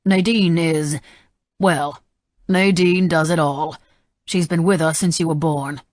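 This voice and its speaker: A woman's voice: deep voice, fairly even intonation, takes it slowly, darkish tone, dry recording. A woman voicing a curt, dismissive middle-aged male senator, speaking dryly in an audiobook. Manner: dry, clipped.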